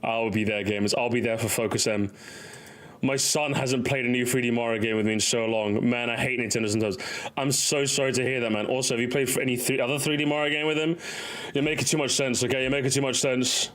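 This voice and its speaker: A man's voice: mid-range voice, steady tone, fast, a bit bright. A man casually reacting to memes, laughing often, swearing and acting out little bits.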